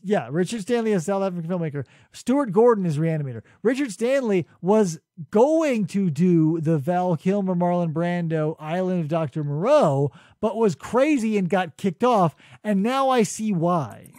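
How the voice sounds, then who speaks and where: Male podcast host, high and lively voice, dry close sound, animated swearing rant. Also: normal speed, hardly any pauses, dry recording. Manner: animated, ranting, swears often. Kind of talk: casual podcast chat.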